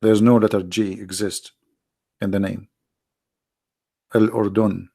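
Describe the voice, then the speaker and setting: Gravelly man with an Arabic accent. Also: fairly low pitch, normal speed. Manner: animated, mocking, repeats himself. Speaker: online show host. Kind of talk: casual live-stream talk.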